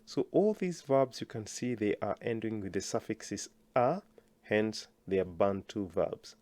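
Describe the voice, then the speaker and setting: A man teaching a language lesson, slowly enunciating words for learners to repeat and praising them often. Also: fairly low pitch, animated, a little mellow, no echo.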